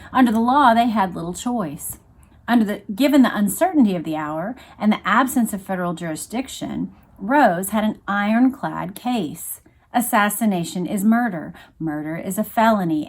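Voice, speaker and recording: Casting: a woman reading nonfiction aloud, even mid-range voice, measured and emphatic. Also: mid-range voice. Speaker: reader of a book series. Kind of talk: read-along narration of a history book.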